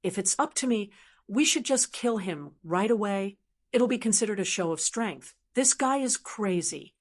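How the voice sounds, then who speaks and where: A woman's voice: mid-range voice, expressive, normal speed, natural voice. A woman voicing a lazy, brash young nobleman who scoffs and talks bluntly. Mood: scoffing.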